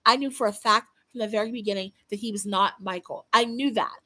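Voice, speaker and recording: A woman's voice: medium pitch, brisk, pushed and bright. A young woman chatting casually to her livestream viewers, blunt and swearing freely, often restarting her sentences. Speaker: livestream host.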